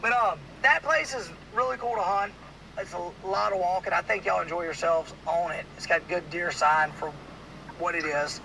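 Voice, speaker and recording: A man from with a drawl tells a hunting story as host of a casual podcast, rambling and padding it with "like". His voice sits high, sharp and bright, with a gravelly edge. A faint hiss runs under the recording. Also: moderate pace, poor audio. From Louisiana. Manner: rambling, animated storyteller with many "like"s.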